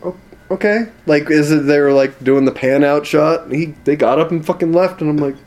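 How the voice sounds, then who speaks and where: A man's voice: a little high, a little fast. A man co-hosting a podcast, retelling scenes and putting on voices as he chats casually. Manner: animated retelling with voiced quotes and laughter. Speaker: podcast co-host. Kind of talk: casual chat.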